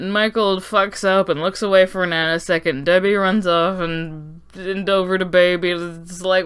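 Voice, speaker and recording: Woman doing a lore breakdown, sarcastic and sweary, smooth clear voice. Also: on the low side, fairly even intonation, moderate pace, few pauses. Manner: sarcastic, profane, joking asides. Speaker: video essay host.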